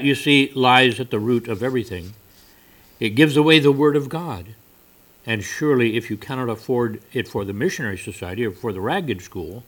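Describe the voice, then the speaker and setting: A man voicing a meek yet majestic male stranger, the Lord, who speaks softly but sternly in pleading questions. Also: mid-range voice, natural voice.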